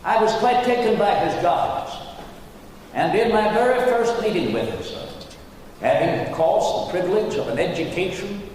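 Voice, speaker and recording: A genteel, learned Thomas Jefferson, as a re-enactor plays him, delivering flowery speech with a lively, swooping pitch set a bit high. He sounds far from the mic, with heavy echo and long reverb from the hall. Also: moderate pace, a little hiss or hum. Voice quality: ornate, flowery oratory. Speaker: historical re-enactor. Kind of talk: in-character stage Q&A. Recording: distant mic in echoey auditorium.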